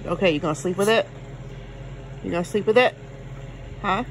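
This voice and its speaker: A woman's voice: medium pitch, normal speed, a little hiss or hum. A woman, scolding her dogs in a playful, exasperated way at bedtime at home. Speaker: pet owner. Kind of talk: home video vlog.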